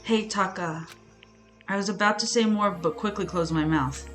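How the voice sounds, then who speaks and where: A woman's voice: medium pitch, fairly quick, soft background music. A young woman streaming a game, reading the narration aloud with playful, emotional reactions. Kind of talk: game let's-play, reading dialogue aloud.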